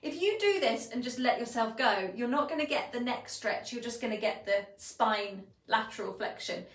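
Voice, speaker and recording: A woman teaching a pilates class, calmly cueing each movement and breath step by step. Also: fairly high pitch, normal speed. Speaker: pilates instructor. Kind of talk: guided exercise instruction. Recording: echoey room, voice from a distance.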